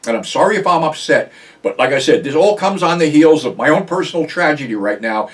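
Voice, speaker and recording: A man's voice: on the high side, expressive, brisk, far from the mic. A man hosting his own show, talking bluntly to his viewers in a casual, profanity-heavy monologue. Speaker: show host.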